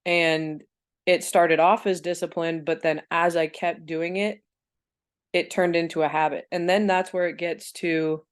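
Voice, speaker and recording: A young woman with a congested, stuffy nose talks in a chatty, thinking-aloud way during a casual group discussion. Her voice is low yet smooth and clear despite the stuffiness. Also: little pitch movement, measured pace. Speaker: book club team member.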